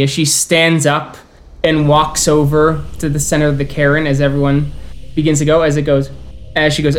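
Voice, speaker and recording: A man narrating as storyteller of a tabletop role-playing game, voicing its characters in turn with halting restarts. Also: a little high, monotone. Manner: plays many characters in quick turns, with halting restarts.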